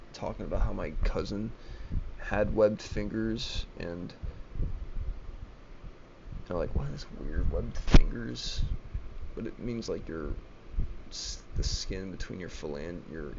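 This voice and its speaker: This young man's voice is low and creaky as he rants by himself to a webcam, agitated, cursing frequently, stammering and restarting as he rambles. The laptop webcam mic gives dull audio with a noisy background.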